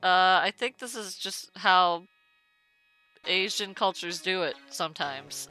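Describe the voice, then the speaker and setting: A woman's voice: on the low side, slow, sharp tone, faint music behind. A woman streamer giving casual, chatty let's-play commentary. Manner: chatty and amused.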